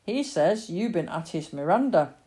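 A woman's voice: lowish voice, animated, moderate pace, mellow, close to an everyday voice. A woman reading the part of a firm but fair village policeman with plain rural speech.

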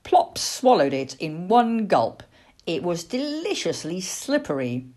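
A woman reading a children's storybook aloud, expressive, with little asides. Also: on the low side, takes it slowly. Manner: expressive and warm-paced, with asides.

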